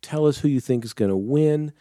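A man's voice: mid-range voice, a little fast, mellow, no echo, clean studio sound. A man moderating a casual podcast, playful and teasing as he questions each panelist in turn.

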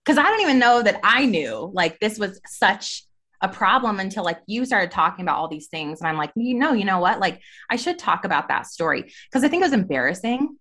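Woman, thirties, podcast co-host, candid testimony, lively pitch. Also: fairly quick. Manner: candid, animated storytelling. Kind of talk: personal testimony in conversation.

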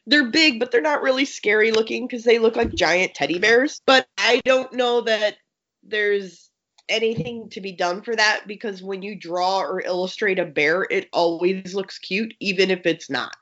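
A woman's voice: mid-range voice, fairly bright tone. Woman, casual chat, breathless from illness, rambling, muffled audio. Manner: rapid, rambling, lots of restarts and fillers. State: out of breath from being sick. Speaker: podcast co-host reviewing a game book.

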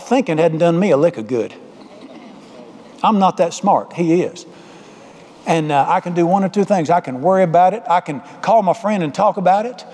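A man's voice: high voice, darkish tone. An older man preaching a folksy, humorous sermon full of stories. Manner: folksy, humorous, drawling storyteller. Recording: echoey hall.

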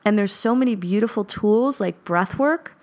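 A woman's voice: medium pitch, moderate pace. Podcast host, female, earnest and reflective, casual confessional talk. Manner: earnest, lots of fillers, rising emphasis.

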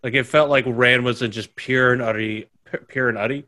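A man co-hosting a podcast, chatting casually in a jokey, self-deprecating way with quick asides. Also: mid-range voice, steady tone, sharp tone. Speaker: podcast co-host. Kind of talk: casual chat.

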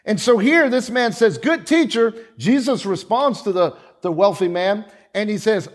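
A man preaching a sermon, slow and emphatic, with repeated lines and dramatic pauses. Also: high voice, lively intonation.

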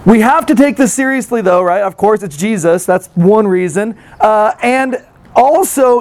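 A man's voice: high-pitched, darkish tone. A man giving a casual, conversational sermon and reading scripture, self-deprecating and given to acting out mocking replies. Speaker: pastor.

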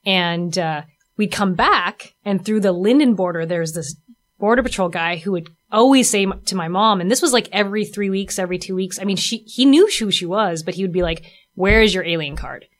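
A woman hosting a casual interview, chatty and animated as she tells stories and laughs often. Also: mid-range voice, fairly quick. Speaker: host.

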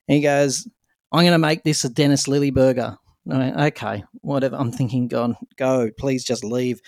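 A man hosting a podcast, chatting casually and telling an animated story. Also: mid-range voice, no echo, clean studio sound. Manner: storytelling, animated when quoting others. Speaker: podcast host. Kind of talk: casual conversation.

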